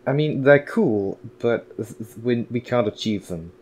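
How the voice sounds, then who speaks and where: A young man chatting with friends, quick to interrupt and object. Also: medium pitch, animated, darkish tone, husky. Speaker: co-host friend. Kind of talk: casual group chat.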